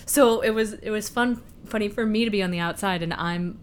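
A woman in casual chat about a film, animated, swearing freely and often laughing while acting out lines. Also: mid-range voice, fairly quick. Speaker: podcast co-host discussing a film.

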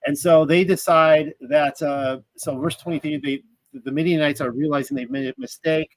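A man's voice: fairly high pitch, steady tone, moderate pace, dry recording, poor audio. A man reading scripture aloud and commenting in a casual, thinking-aloud way, with fillers and restarts. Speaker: Bible study teacher.

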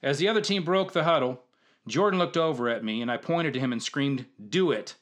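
A man with a slightly high voice tells a humorous story from his years coaching youth football. He narrates in a lively way and acts out the dialogue. He is the host of a storytelling show. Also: fairly quick.

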